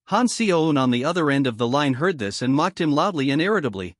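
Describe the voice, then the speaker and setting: A man reading a scripted comic story recap in an even, steady narrating manner. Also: on the high side, a little fast, dry recording, studio quality.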